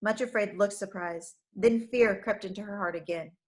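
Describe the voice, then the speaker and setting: A woman reading a storybook aloud for young children, narrating clearly and expressively. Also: medium pitch, moderate pace.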